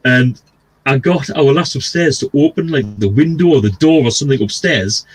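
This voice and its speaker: A man's voice: mid-range voice, normal speed, husky, poor audio. A man, co-hosting a gaming stream and telling a long, sweary, rambling story in a casual way. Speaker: stream co-host.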